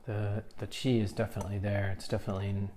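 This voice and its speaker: A man, a tea seller, calmly musing as he tastes and talks through a tea in a casual vlog. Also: fairly low pitch, a little hiss or hum. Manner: calm, musing, unhurried. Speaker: tea seller tasting his own stock.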